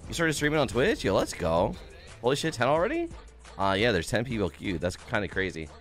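A man's voice: mid-range voice, huge pitch swings, brisk, faint music behind. A young man streaming a game, chatting casually and upbeat, greeting viewers by name and swearing now and then. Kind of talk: casual live-stream chat.

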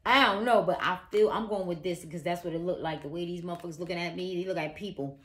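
A woman's voice: on the low side, quick pace, a bit bright. A woman giving a casual psychic tarot reading, blunt and profane, talking straight to the viewer. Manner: blunt, profane, emphatic, talks to viewer as "girl". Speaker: tarot reader.

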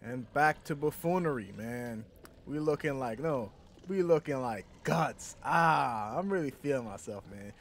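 A man giving casual gameplay commentary, cursing and trash-talking enemies, with sudden high outbursts. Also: lively intonation, moderate pace, slight background noise. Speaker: gameplay streamer.

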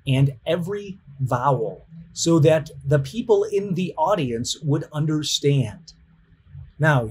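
A middle-aged man, a college professor, giving a recorded lecture in an emphatic, deliberate teaching manner. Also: a little high, darkish tone, slightly rough.

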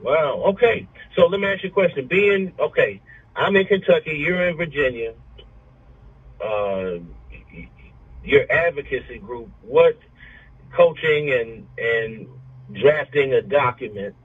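Male caller, husky, hesitant brief answers, phone-quality sound. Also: fairly high pitch, expressive, unhurried, pauses often. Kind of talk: phone conversation. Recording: tinny phone line.

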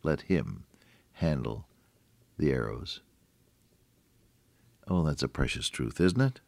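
A man's voice: rumbling low, animated, takes it slowly, creaky, darkish tone, dry recording. An older man giving a folksy, conversational radio devotional sermon and chuckling at his own jokes. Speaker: radio preacher.

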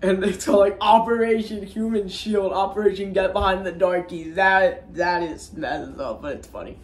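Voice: mid-range voice, steady tone, moderate pace, distant mic. A casual online reviewer recapping a movie in a rambling, crude and profane way, with frequent restarts. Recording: roomy echo, faint background ambience.

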